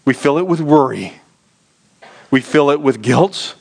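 This preacher's voice is male, creaky and husky, with animated delivery at a measured pace. His sermon story begins hushed and low, then climbs to an urgent, high-pitched preaching tone.

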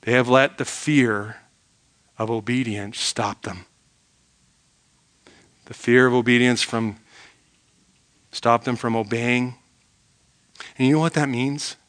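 A middle-aged man preaching a sermon, emphatic, asking the congregation rhetorical questions and dropping to a hush to make a point. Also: mid-range voice. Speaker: pastor.

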